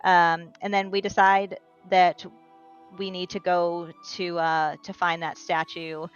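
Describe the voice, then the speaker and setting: A woman's voice: fairly low pitch, level tone, slow pace, smooth. Chatty woman recapping a tabletop session. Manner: chatty, self-correcting storytelling. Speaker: player giving a session recap. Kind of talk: casual recap of a tabletop game. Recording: dull lo-fi recording with faint music.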